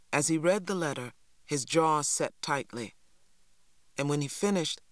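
A man narrating an audiobook in an even, measured way, close to the mic. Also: a little high, dry recording. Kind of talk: scripted narration.

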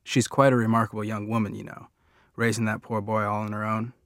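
A man reading an audiobook, voicing a prim, evasive old grandmother who speaks in a measured way. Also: on the low side, level tone, a bit bright, no echo, clean studio sound.

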